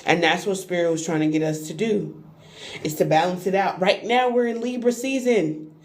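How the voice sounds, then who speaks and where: A woman's voice: fairly low pitch, moderate pace. Chatty woman doing a live tarot reading. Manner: animated and playful, talking to viewers. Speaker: tarot reader. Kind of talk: live-stream spiritual reading chat.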